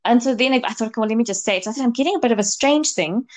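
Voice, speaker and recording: A woman's voice: fairly high pitch, rapid-fire. A woman co-hosting a casual chat, telling a long personal story with many fillers and restarts. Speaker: podcast co-host, medium.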